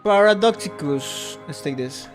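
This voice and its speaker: A man streaming himself playing a dark fantasy game, commenting casually and thinking aloud in a wry way. His voice sits a bit high for a man and moves around lively, with quiet game music playing under it. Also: measured pace. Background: faint game music.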